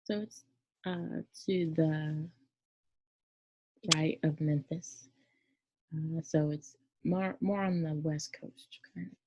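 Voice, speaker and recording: A woman's voice: low voice, steady tone, slow, long pauses, noisy background. A woman teaching a casual classroom lesson, talking in a chatty, rambling way with many fillers and self-corrections. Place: near Memphis, Tennessee. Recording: dull lo-fi sound.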